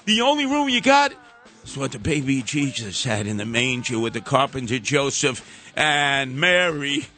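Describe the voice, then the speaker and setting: A man's voice: mid-range voice, sing-song, moderate pace, bright, forceful tone. A man hosting a talk radio show, ranting sarcastically with mocking sing-song asides.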